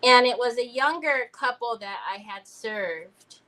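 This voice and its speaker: A woman's voice: fairly high pitch, measured pace, bright, forceful tone, rough recording. A woman, chatting casually and rambling through a story while she crafts on a livestream. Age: 50s. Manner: chatty, rambling, addresses viewers as y'all.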